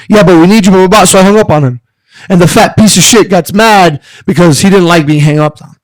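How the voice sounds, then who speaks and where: A man telling stories as a podcast guest, heated, profane and animated. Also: high voice, fast, dry recording, low-quality recording. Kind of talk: casual storytelling.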